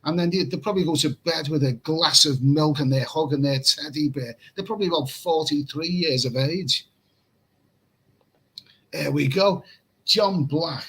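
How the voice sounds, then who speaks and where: A man's voice: a little high, normal speed, a bit bright, slightly rough, rough recording. A man hosting a late-night livestream and reading chat comments in a casual, rambling way. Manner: rambling, repeats himself, chuckles at chat comments. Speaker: livestream host. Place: room in Pattaya at night.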